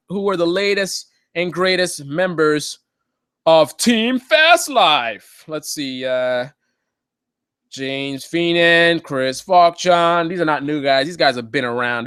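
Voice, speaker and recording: A man's voice: fairly high pitch, measured pace, a bit bright, no room sound, studio quality. A man hosting a live motorcycle channel update, talking casually in a joking, rambling way with lots of fillers.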